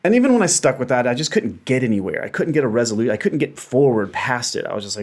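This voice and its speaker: A man guest in a casual conversation, telling a personal story in an animated way and acting out his own inner voices. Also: mid-range voice, racing, few pauses. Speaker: actor and dancer guest.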